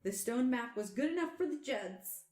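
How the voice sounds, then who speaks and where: A woman hosting a podcast, telling a story in casual chat, animated and quick to laugh. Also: on the high side, roomy sound. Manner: animated, laughs often, trails off and restarts. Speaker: podcast host.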